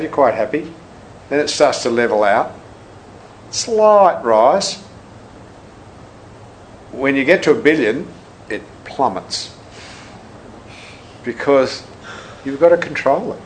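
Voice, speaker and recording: A man's voice: medium pitch, lively intonation, measured pace, long pauses, slight background noise, low-quality recording. A man who teaches Buddhism and works as a shiatsu therapist, giving a casual talk full of anecdotes and acting out what people said. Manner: storytelling, acts out quotes, laughs at his own anecdotes.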